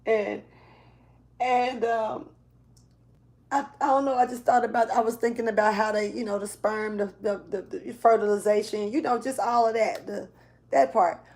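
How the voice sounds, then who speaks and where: A woman speaking gives a relaxed spiritual reading, her voice a little raspy from allergies. She sits somewhat high in pitch and talks loosely, full of slang, often trailing off mid-thought. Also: normal speed, pauses often. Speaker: tarot reader.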